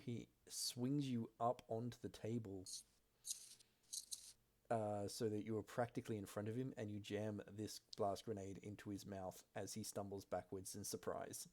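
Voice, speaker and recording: A man with a fairly low voice runs a tabletop game as game master. He narrates the scene in steady descriptive sentences, pausing on fillers as he checks the rules.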